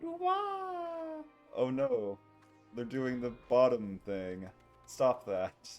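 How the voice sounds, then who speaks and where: A male streamer talking casually to chat while playing a game, in a relaxed, low-key way. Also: slow pace, faint music behind. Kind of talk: live game stream commentary.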